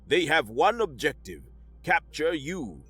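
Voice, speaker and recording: A man's voice: on the high side, very animated, takes it slowly, sharp tone, slightly rough, exaggerated voice. A man voicing a stern alien ship commander with a synthesized-sounding voice, formal and grave, in a sci-fi audiobook.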